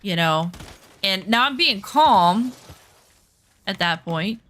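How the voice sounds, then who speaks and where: Woman streamer telling a story mid-game, bright sharp voice, swears a lot, acts out her side of old fights. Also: mid-range voice, animated, slow. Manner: candid, swears freely, reenacts her own past arguments. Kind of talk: casual storytelling while gaming.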